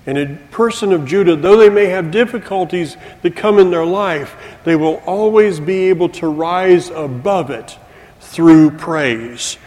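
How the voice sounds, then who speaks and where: A man's voice: on the high side, a little mellow. A middle-aged man preaching a sermon as a teacher, with folksy joking asides to the congregation. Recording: long hall reverb.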